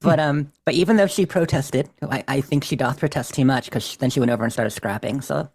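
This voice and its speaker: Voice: medium pitch, fairly quick, a little mellow, slightly rough. A podcast co-host casually recapping a game playthrough, chatty and self-deprecating, often laughing.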